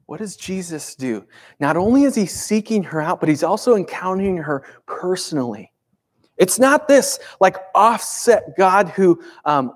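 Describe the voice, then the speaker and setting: Pastor, man, slightly high voice, chatty emphatic sermon delivery. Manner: conversational, emphatic, asks rhetorical questions.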